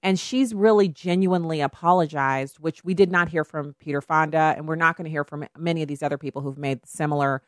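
A woman hosting a talk radio show, speaking in an animated way and mimicking other people in quoted asides. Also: sits low, brisk, few pauses, dry recording, clean studio sound. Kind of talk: conservative talk radio commentary.

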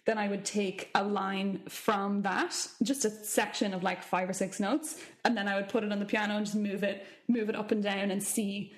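Woman, vocal coach, mid-pitched, explanatory and chatty. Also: little pitch movement, normal speed, few pauses. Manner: explanatory, thinking aloud with restarts. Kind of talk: casual podcast chat.

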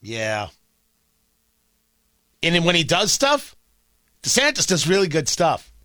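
Animated sarcastic East Coast radio man. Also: fairly high pitch, slow pace, no echo, clean studio sound. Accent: East Coast American. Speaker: talk radio host. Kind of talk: opinionated talk radio monologue. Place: radio studio. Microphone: close studio mic.

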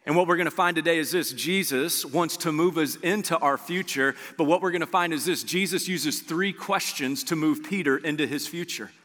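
Male pastor, sermon delivery, animated with big upward pitch jumps, acts out dialogue; bright tone, long hall reverb. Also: normal speed, few pauses. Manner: animated preacher, voice jumps high for emphasis.

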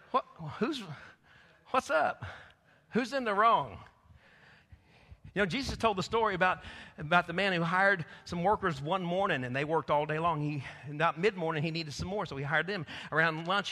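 A male pastor preaching a fervent sermon, swinging between loud exhortation and quiet asides. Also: high voice. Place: church. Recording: long reverb of a church hall.

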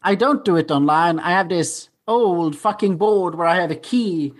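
A woman's voice: lowish voice, normal speed. A woman from Sweden in casual podcast chat, explaining things plainly and bluntly.

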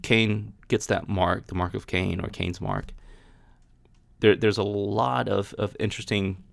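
Low guy with a gravelly voice, casual bible chat podcast, dry close sound. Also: fairly even intonation, measured pace, dry recording. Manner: reads scripture aloud then chats about it with many restarts. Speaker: podcast host. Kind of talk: casual Bible reading and commentary.

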